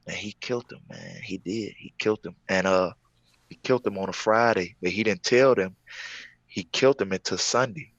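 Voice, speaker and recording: A man's voice: low voice, moderate pace, a bit bright, dry recording, lo-fi sound. A man, a former prisoner, tells his story in a casual interview, repeating phrases for emphasis.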